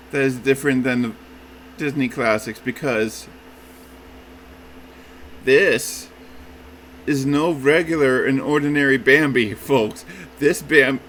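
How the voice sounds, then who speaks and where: On a rough recording with a bit of hiss or hum, a man of medium pitch and somewhat bright tone rambles casually through a review of a movie trailer for YouTube. He keeps calling viewers "folks" and starting his sentences over.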